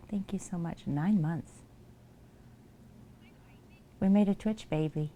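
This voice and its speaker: A woman chats on her home live stream with a lower-than-usual voice. She talks casually to viewers and sweet-talks her cats. A faint room ambience sits under her voice. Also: takes it slowly, warm tone, slight background noise. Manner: chatty, coos at her cats and greets viewers by name.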